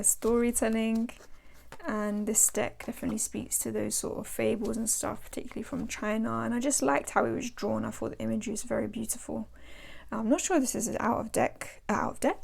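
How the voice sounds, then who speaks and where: A woman's voice: on the high side, creaky, a little mellow, slight background noise. A woman chatting casually as a tarot vlogger, rambling and laughing as she shows her decks. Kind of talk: casual show-and-tell chat. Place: home.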